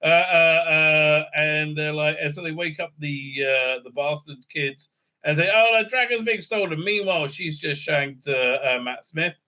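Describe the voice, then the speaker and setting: A man hosts a casual recap of a TV episode, irreverent and joking, rambling with plenty of stammered fillers and a repeated "right?". His voice is fairly high and pushed and bright, with a steady tone and a slightly slow pace.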